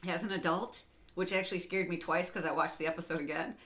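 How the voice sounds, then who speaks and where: A woman co-hosting a casual podcast, rambling and quick to laugh as she tells stories. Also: on the low side, fairly even intonation, a bit bright. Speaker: podcast co-host.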